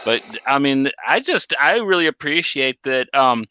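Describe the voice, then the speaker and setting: Man with a bright, crisp voice. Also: mid-range voice, big pitch swings, a little slow, no room sound. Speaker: podcast co-host. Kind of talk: casual chat reviewing comics.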